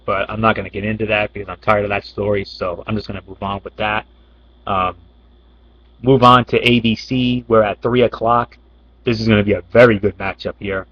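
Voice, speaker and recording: A man's voice: lowish voice, dry recording, dull audio. A man talking casually about upcoming basketball games as a sports commentator, with plenty of fillers and restarts. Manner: unscripted, many fillers and restarts. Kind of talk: casual talk.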